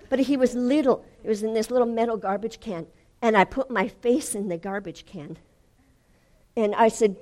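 Older woman preacher, fervent sermon delivery that builds to shouting. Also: mid-range voice, moderate pace. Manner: fervent, rises to shouting when retelling. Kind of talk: sermon testimony.

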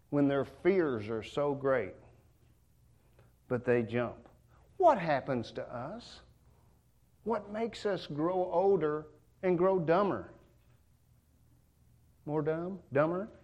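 A man's voice: fairly high pitch, a little mellow, lo-fi sound. A man preaching a sermon in a church, folksy and joking in a conversational way.

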